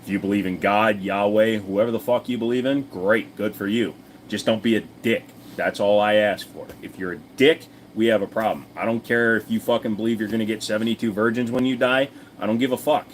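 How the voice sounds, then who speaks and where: A man's voice: fairly low pitch, steady tone, fairly quick, a little hiss or hum. A man hosting a casual livestream, answering chat in a blunt, profane, rambling way with plenty of fillers. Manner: chatty, talks straight to viewers.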